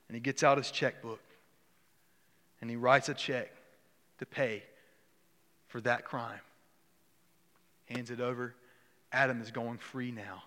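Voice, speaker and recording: A man preaching a sermon in a church, earnest, often restarting phrases and dropping soft on key words. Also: fairly high pitch, big-room sound. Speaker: pastor.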